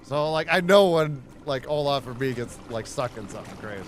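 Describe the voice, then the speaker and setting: A man's voice: medium pitch, expressive, brisk, slight background noise. A man live-streaming a video game, chatting casually and profanely with his viewers while he plays. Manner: profane, rambling, talks to chat and the game. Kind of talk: casual gaming livestream chat.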